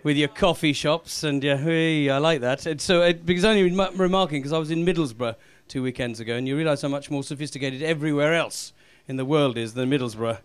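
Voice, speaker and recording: A man's voice: on the high side, a little fast, few pauses, clean tone. A Welsh man doing a live stand-up comedy set, cheekily teasing and chatting with the audience. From Wales.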